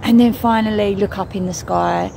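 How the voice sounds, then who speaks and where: Gravelly-voiced British woman chatting. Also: mid-range voice, steady tone, normal speed, noisy background. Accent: British English. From United Kingdom. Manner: chatty, exasperated, rambling with fillers. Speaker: angel card reader. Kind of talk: casual spoken vlog.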